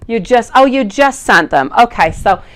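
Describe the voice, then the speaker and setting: A woman's voice: a little high, animated, normal speed, a bit bright. A woman in her thirties giving a live-stream tarot reading in a chatty, affectionate way, calling viewers sweetie and beautiful. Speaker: tarot reader.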